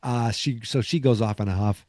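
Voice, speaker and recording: A podcast host with a mid-range, somewhat dark voice talks at a moderate pace, casually recapping a sitcom episode in a rambling way. He acts out bits of dialogue from the episode as he goes. The recording is dry, with a clean studio sound.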